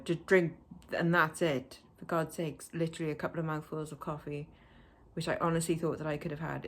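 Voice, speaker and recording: A woman's voice: sits low, a little hiss or hum. A woman casually recounting a personal experience to camera, chatty and full of fillers, acting out the conversations she had. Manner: chatty, lots of fillers, acts out quoted exchanges. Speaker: vlogger. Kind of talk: casual storytelling vlog.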